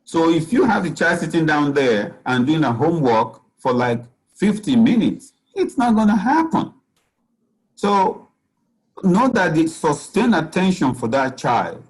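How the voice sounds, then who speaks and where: A man's voice: fairly high pitch, a little mellow, low-quality recording. A man, a physician speaking as guest at a parenting talk, giving earnest advice and often saying "you know.". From Nigeria.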